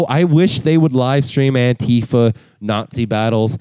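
A young man hosting his own podcast, ranting with mocking, profane humor and breaking into high voices to act out other people. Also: measured pace, warm tone, clean tone, dry recording. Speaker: podcast host. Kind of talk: comedic rant.

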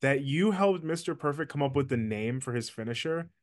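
A man's voice: mid-range voice, animated, brisk. Male host, enthusiastic, keeps the questions coming. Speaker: interview host. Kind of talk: casual interview.

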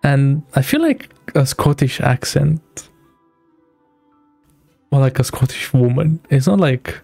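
A man's voice: mid-range voice, takes it slowly, gravelly, darkish tone, no echo, faint music behind. A man who hosts a game reaction video. He rambles casually and uses a lot of filler words.

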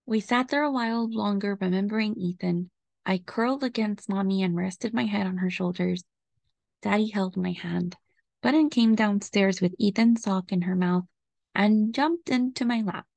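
A woman reads a children's picture book aloud, gentle and expressive. Her voice carries a light creaky fry. The recording is close and dry, with no room sound. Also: medium pitch, moderate pace, no room sound. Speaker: storybook reader.

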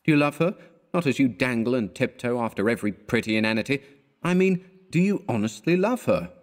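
A man's voice: mid-range voice, lively intonation, a little fast, long reverb tail, pitched above the performer's own voice, close to an everyday voice. A man voicing an exasperated young male art student who scolds his friend with scorn. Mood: scornful.

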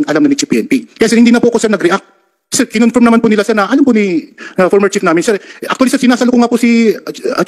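A man testifying as a police officer in a hearing room, words tumbling out at a breakneck pace. His voice sits high for a man, and he is deferential, tucking a respectful "sir" after almost every phrase.

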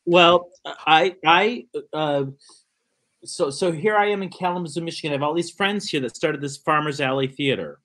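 Man, middle-aged, fairly high voice, animated storyteller, interview guest. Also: moderate pace. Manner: animated storyteller who acts out quoted dialogue. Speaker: guest actor and choreographer.

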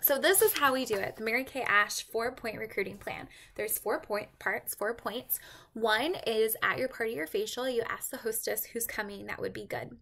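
A woman's voice: fairly high pitch, normal speed, vocal fry, fairly bright tone. A young woman giving an upbeat, chatty sales training talk, acting out sample conversations as she goes.

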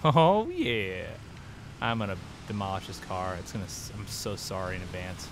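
A man giving goofy, excitable let's play commentary, trash-talking the game as he plays. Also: low-pitched, fast talker. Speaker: gaming host. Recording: noisy game-audio mix. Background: game sound effects and vehicles.

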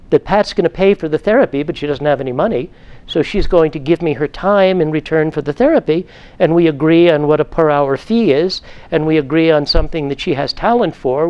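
A man's voice: on the high side, a little mellow, lo-fi sound. A middle-aged male psychotherapist giving a lecture, telling clinical case stories and acting out stern lines in a raised voice.

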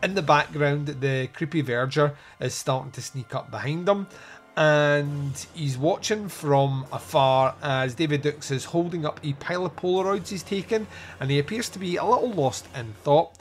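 A man hosting a casual film-recap podcast, irreverent and joking with crude asides. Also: a little high. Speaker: podcast host reviewing a film.

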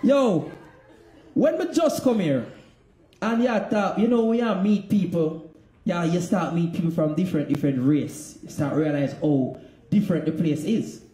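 High-voiced Jamaican man laughing through jokes. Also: animated, moderate pace, mellow. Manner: laughing through his lines, patois phrasing. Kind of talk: comic monologue. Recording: echoey room with noisy background.

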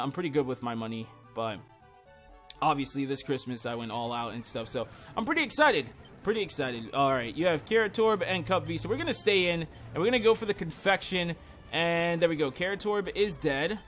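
A young man hosting a game playthrough, rambling through stories and self-deprecating asides, then yelling at the game when battles go badly. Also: a little high. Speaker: gaming channel host. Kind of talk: casual game commentary.

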